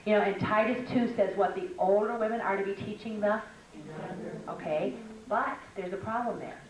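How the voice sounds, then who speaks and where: A woman's voice: mid-range voice, normal speed, distant mic, a little hiss or hum. Older woman teaching in an echoey hall. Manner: chatty, humorous, storytelling. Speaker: speaker at a women's conference. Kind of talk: conversational teaching talk to women. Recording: echoey hall, mic from afar.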